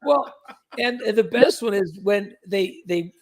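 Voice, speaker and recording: A man runs a casual live stream chat, joking and telling rambling stories. His voice sits high and has a husky rasp to it. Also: measured pace. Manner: jokey, rambling storyteller who reads out chat comments.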